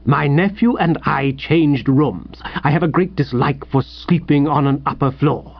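A man voicing a pompous, irritable older gentleman who talks in a clipped, disdainful way. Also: a little high, unhurried, dry recording, lo-fi sound. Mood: stern, disdainful.

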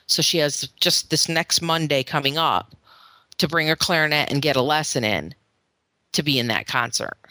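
Speaking at a normal speed in a low, bright and forceful voice, a thirtysomething mother hosts a podcast with no echo on the audio. She chats casually about her kids, who are in therapy, frequently breaking into laughter.

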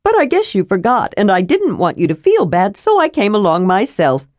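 A woman voicing a small, carefree kender with a shrill voice, chirpy and cheerful. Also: wildly swooping pitch, normal speed, darkish tone, dry recording, clean studio sound.

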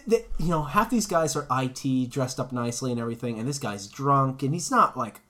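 A man at a middling pitch chats casually on a podcast, spinning an animated story. He laughs often and swears freely as he goes. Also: brisk. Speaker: podcast co-host. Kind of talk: casual chat.

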